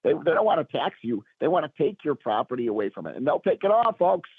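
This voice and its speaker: A man with a cold and a raspy voice, a guest on a radio talk show, speaking emphatically and pushing up to his key points. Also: a little high, big pitch swings, fast talker, no echo. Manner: emphatic, rising to punch lines. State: hoarse from a cold. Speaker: guest commentator. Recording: phone line.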